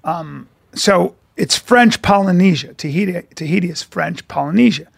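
A middle-aged man co-hosting a podcast, telling comic stories in an animated, profane way and acting out the people in them. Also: sits high, normal speed, gravelly. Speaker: podcast co-host. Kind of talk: casual comedic storytelling.

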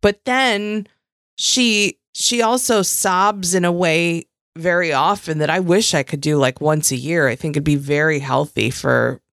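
Gravelly low-voiced woman podcasting. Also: steady tone, measured pace, fairly bright tone, no room sound, clean studio sound. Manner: chatty, many fillers like "like", playful quoting. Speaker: podcast co-host. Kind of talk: casual chat recapping a reality show.

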